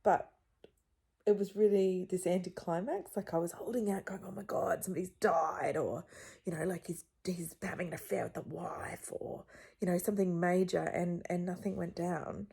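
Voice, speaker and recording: A woman's voice: lowish voice, steady tone, moderate pace, creaky, dark tone. A woman in her thirties chatting casually to camera as a vlogger, rambling along with frequent little laughs. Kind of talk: casual vlog chat.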